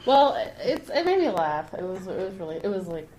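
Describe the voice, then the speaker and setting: A woman telling lively rambling anecdotes in a casual podcast interview, laughing often. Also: mid-range voice, fairly quick, poor audio. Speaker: guest artist. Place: anime convention. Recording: convention crowd noise behind.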